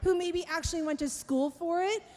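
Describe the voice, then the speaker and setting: Very high-voiced woman telling a story. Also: a little fast. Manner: animated, laughing storyteller. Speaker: keynote speaker. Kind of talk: storytelling talk.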